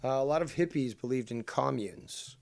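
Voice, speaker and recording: Man, co-host, sarcastic, mocking, loud teasing jabs, mid-pitched voice. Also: moderate pace, gravelly. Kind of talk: casual political chat.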